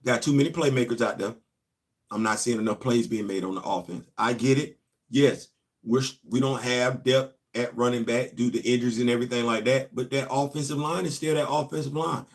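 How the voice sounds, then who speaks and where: A man hosting a casual live-stream show, animated and laughing often as he chats about football. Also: mid-range voice, fairly quick. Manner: animated, laughing often, Southern colloquial talk. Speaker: show host.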